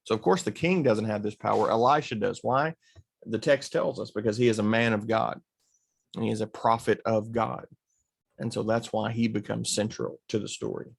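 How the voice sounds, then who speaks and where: Gravelly man giving a casual Bible talk. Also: fairly low pitch, normal speed. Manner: casual, rhetorical questions, acts out quotes. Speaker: preacher and teacher. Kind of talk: conversational Bible teaching.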